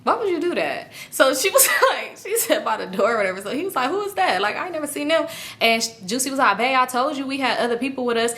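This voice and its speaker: A young woman with a bright, forceful voice sitting a little higher than most, chatting through a storytime vlog. She jumps between her own telling and her friends' voices, full of attitude and quick back-and-forth. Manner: animated, acts out friends' lines with laughs. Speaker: storytime vlogger. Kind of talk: casual storytime chat.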